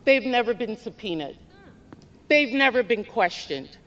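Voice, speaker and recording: A woman politician delivers a firm, measured formal statement with a fairly high voice. The sound is a dull archive clip with a long reverb from the legislative chamber. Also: lively intonation, fairly bright tone.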